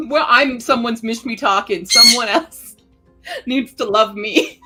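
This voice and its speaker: A woman's voice: on the high side, takes it slowly, sharp tone, husky, faint music behind. A woman chatting casually on a writing livestream at home, gushing and giggly. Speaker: writing streamer.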